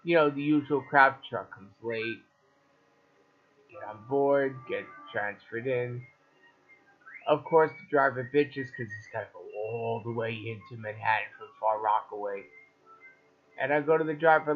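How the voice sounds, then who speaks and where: A man's voice: mid-range voice, unhurried. A man doing stand-up, telling wry stories about doctor visits and voicing the people in them. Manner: wry, deadpan storytelling with acted-out quotes. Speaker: stand-up comedian. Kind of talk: stand-up storytelling. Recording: tinny phone-like live video with faint music.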